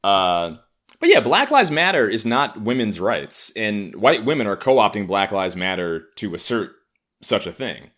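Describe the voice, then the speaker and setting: A man in his thirties from Harlem riffs through a solo comedy podcast monologue. His voice sits low but swings widely in pitch, with sardonic, profane asides. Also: very animated, unhurried, fairly bright tone. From Harlem, New York. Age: 30s. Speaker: podcast host.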